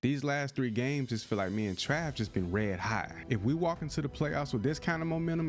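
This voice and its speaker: A man's voice: animated, fairly quick, few pauses, faint music behind. A young man giving hyped, slangy commentary over his own football video game, his voice going in and out. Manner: hyped, slangy trash talk with sudden high yelps. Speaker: gaming YouTuber. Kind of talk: gameplay commentary.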